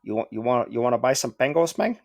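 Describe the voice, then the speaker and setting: A man's voice: mid-range voice, very animated, fast, creaky. A man voicing a sleazy male researcher with a put-on Cuban accent, hawking animals out of a trench coat in street-dealer patter. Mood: hustling.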